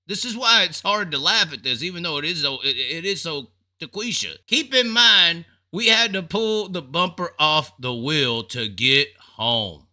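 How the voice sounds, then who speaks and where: Bright, high-voiced profane racing commentator. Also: male voice, normal speed, hardly any pauses. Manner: animated, profane, laughing asides. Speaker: racing show host. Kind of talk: casual commentary.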